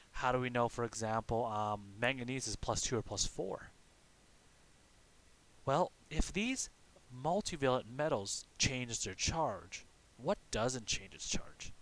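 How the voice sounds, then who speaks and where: A man's voice: mid-range voice, animated, measured pace, a bit bright. A man teaching a recorded lesson, explaining step by step and asking and answering his own questions, often checking in with "okay". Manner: frequent "okay" check-ins.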